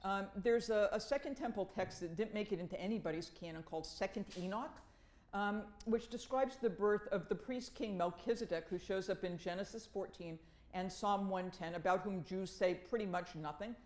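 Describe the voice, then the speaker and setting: A woman's voice: mid-range voice, moderate pace, darkish tone, reverberant, low-quality recording. A woman from Massachusetts speaking as a professor on a panel, telling wry stories with emphatic repetition. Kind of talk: conversational academic talk.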